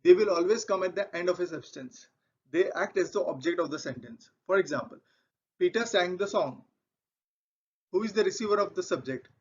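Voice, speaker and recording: A man teaching English grammar, walking slowly and methodically through example sentences and repeating key points. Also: high voice, lively intonation, slightly rough. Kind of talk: explaining grammar over slides. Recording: dull lo-fi recording.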